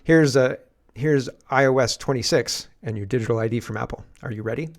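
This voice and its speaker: A man's voice: medium pitch, brisk. A man in a mid-range voice hosts a political commentary stream and reacts to clips as they play. He is sarcastic and loose, often restarting his sentences as he goes. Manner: sarcastic asides, lots of restarts.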